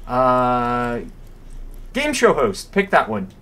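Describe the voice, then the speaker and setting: A man's voice: medium pitch, very animated, drawn-out words, bright, forceful tone, clean tone. A man casually commentating his own gameplay, chatty and playful, often correcting himself. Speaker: game streamer. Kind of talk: casual let's-play commentary.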